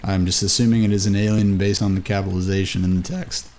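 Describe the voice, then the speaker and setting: A man's voice: low-pitched, level tone, fast, a little mellow. Young man, sarcastic let's play commentary, joking, mocking, faint game music behind. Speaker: game streamer.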